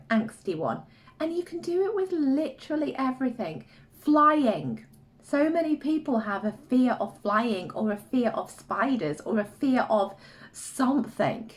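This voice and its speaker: Lively woman giving life advice. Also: fairly high pitch. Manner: animated, acts out inner voices in quotes. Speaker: life coach vlogger. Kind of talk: casual advice monologue.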